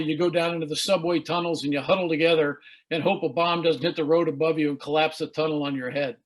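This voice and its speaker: An American man in his sixties speaks over a video call, his voice pitched a little high for a man. He tells leadership stories earnestly and grows emotional at times. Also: rough recording. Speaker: guest speaker.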